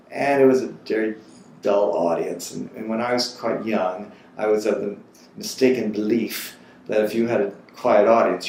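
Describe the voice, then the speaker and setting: An older man in his sixties spins a backstage story in a fairly low voice and jumps into acted-out voices when he quotes people. The room gives him an echo, and a faint hum sits under his voice. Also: creaky. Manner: animated anecdotal storyteller who acts out quotes. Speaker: interviewee. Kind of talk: oral history storytelling. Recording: roomy echo with faint ambient noise.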